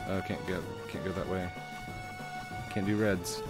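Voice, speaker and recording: A man's voice: low-pitched, steady tone, measured pace, loud music behind the voice. A man giving playful, self-mocking let's play commentary as a gaming YouTuber.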